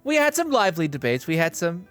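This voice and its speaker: Lively, joking young man. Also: fairly high pitch, clear, resonant tone, faint music behind. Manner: joking, rambling, quick to laugh. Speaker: podcast co-host and screenwriter. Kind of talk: casual chat.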